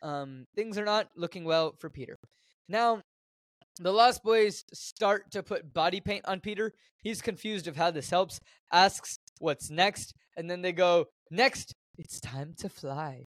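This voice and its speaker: A man co-hosting a podcast, casually recapping a film from his notes with animated jokes. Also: high voice, measured pace, no room sound. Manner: animated, joking, reads notes aloud. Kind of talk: casual chat.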